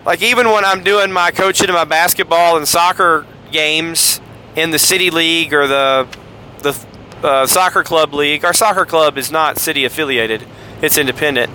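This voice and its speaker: A man's voice: fairly high pitch, moderate pace, sharp tone, slight background noise. A man with a Southern US accent hosting a podcast, casually retelling Bible passages and acting out the quoted lines in voices. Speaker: podcast host.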